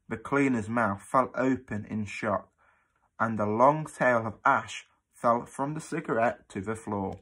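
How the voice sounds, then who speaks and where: A man reading a children's book aloud in an expressive, dramatic way. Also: fairly low pitch. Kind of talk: storybook read-aloud.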